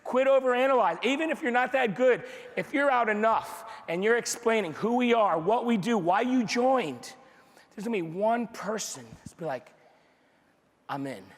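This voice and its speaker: Speaking at a normal speed, a man with a high voice, a sales team leader, gives a motivational training talk to a live crowd in a large room. He's energetic and repetitive, hammering points home again and again, firing off rhetorical questions and acting out dialogue. The big hall gives his voice a long reverb.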